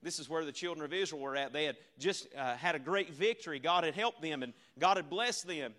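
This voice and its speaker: A man's voice: on the high side, brisk, bright, forceful tone. A man preaching a revival sermon, earnest and repetitive, asking the congregation rhetorical questions. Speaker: visiting preacher.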